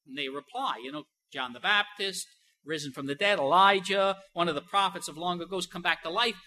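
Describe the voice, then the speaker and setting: Male pastor, sermon delivery, bright edgy tone, emphatic, talky with "you know" fillers. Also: high-pitched, brisk, rough recording. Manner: swings between soft and loud emphasis.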